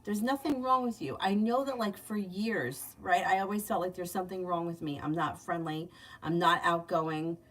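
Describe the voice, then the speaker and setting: A woman's voice: fairly low pitch, fairly even intonation, moderate pace. A woman giving tarot readings in a casual livestream, chatty and candid, laughing often. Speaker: tarot reader. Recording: distant mic, faint background noise.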